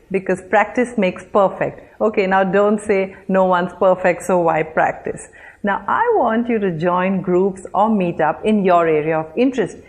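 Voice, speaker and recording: A woman teaching English in an online lesson, with clear, deliberate delivery. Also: mid-range voice, a little mellow.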